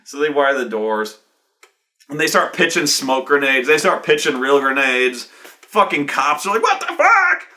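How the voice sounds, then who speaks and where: A man casually recounting a tabletop game session, profane and animated, with many "like" fillers. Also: medium pitch, normal speed. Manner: profane, animated, fills speech with "like". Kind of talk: casual anecdote.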